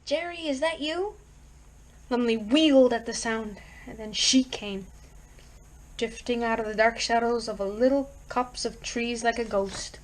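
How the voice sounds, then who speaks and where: A woman reads a horror story aloud in a fairly high voice. Her narration is steady and expressive, in a storytelling style with a first-person narrator. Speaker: reader.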